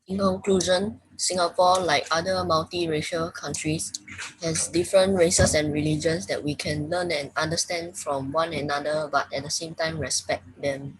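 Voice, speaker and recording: Low-voiced woman reading an essay. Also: steady tone, normal speed, slightly rough, poor audio. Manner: careful reading, with small slips. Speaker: student.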